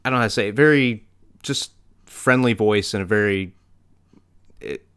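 A man co-hosting a casual podcast, halting and searching for words. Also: lowish voice, a bit bright, clean tone, dry recording. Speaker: co-host.

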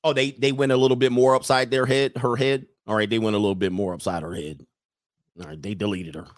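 A man's voice: fairly low pitch, fairly even intonation, fast. A man hosting a livestream in casual chat, rambling and laughing often as he reads out viewer messages.

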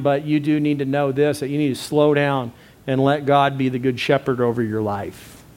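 A man, a pastor, preaching a sermon with emphatic repetition and direct appeals to his listeners. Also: medium pitch.

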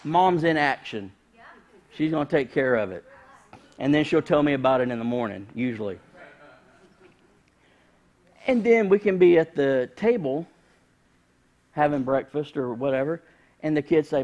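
A man, preaching a sermon in a conversational, humorous storytelling way with sudden loud bursts. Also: high-pitched, big pitch swings, moderate pace, pauses often. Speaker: pastor.

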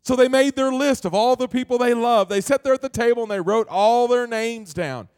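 A pastor delivering a sermon who tells stories, then slows down and drops to a soft voice to stress a point. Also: male voice, very high-pitched, smooth. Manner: storytelling, slowing down and dropping soft to stress a point.

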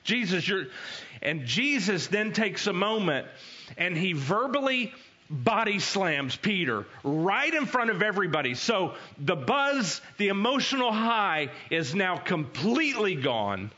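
Animated, bright-voiced male preacher. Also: high-pitched, unhurried, dull audio. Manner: animated storyteller. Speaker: pastor. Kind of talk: conversational sermon.

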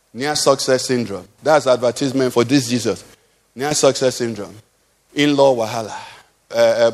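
A man preaching a sermon as pastor, swinging from loud cries to low murmurs.

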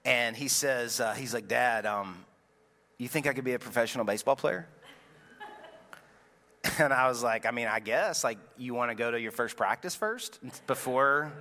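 A pastor in his thirties preaches in a church sanctuary, telling a family story in a loose, self-deprecating way. His mid-range voice is bright with a forceful tone, and the large room adds a long reverb.

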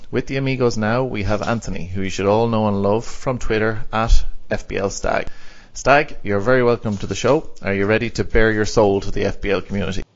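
A man with an Irish accent hosting a podcast in an upbeat, teasing way. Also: on the low side. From Ireland. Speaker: podcast host. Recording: dull lo-fi call audio.

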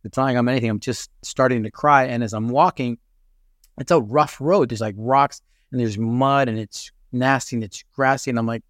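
A man's voice: mid-range voice, steady tone, moderate pace, no room sound, clean studio sound. A man being interviewed, earnestly recounting a personal experience with many restarts and fillers. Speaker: podcast guest. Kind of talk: conversational storytelling.

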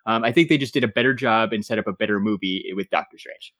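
A man co-hosting a casual podcast chat, upbeat and prodding the others in quick banter. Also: on the low side, fairly bright tone, no echo, clean studio sound. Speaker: podcast co-host.

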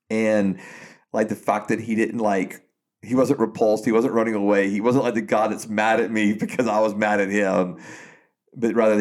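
A man's voice: fairly low pitch, darkish tone. A man who is a pastor and podcast co-host, talking earnestly and reflectively in casual podcast chat, often restarting his sentences.

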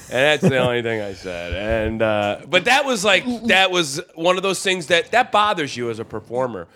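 A man's voice: mid-range voice, sing-song, normal speed, sharp tone. A male comedian telling a story on a podcast in a casual way, acting out other people's lines as he goes. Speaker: touring comedian, guest.

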